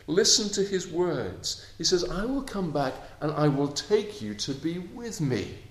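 Slow, earnest male preacher in echoey room. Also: big pitch swings. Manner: earnest, swings between soft intimate lows and emphatic raised passages. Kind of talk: sermon.

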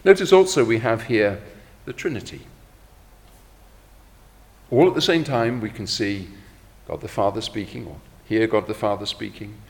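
A middle-aged man delivers a sermon in a fairly low voice, measured and reflective, easing his pace over quoted verses. His voice carries a long reverb, as in a large hall. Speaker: preacher.

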